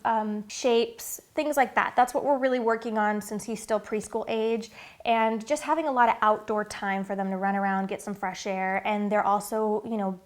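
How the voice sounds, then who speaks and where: A woman in her thirties talking casually to camera about her family's routine, earnest and chatty with many fillers. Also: mid-range voice. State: getting emotional, near tears. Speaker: vlogger and mother.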